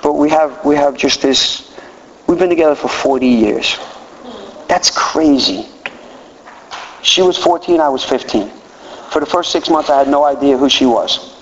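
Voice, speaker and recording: A man in his fifties giving an animated, self-mocking personal talk as a recovery speaker. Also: fairly high pitch, normal speed, long pauses. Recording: distant hall, dull and noisy.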